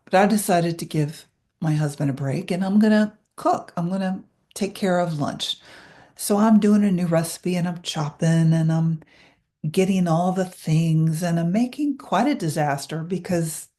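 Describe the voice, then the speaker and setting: This is a woman in her sixties with a somewhat low, warm, mellow voice. She leads a meditation, speaking frankly and laughing at herself at first, then slowing into a gentle, soft-spoken guide. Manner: candid and self-deprecating, softening to a hushed meditative tone. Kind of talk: casual talk leading into a guided meditation.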